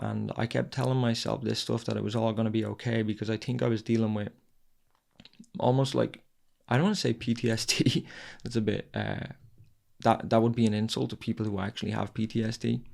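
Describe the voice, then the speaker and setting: A man hosts his own podcast and tells a personal story in a fairly low voice with a gravelly, fry-heavy edge. He is candid and unpolished. He swears freely and circles back on his own words as he talks. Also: fairly even intonation, fairly quick, darkish tone. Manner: raw and candid, swears, repeats phrases. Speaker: podcast host.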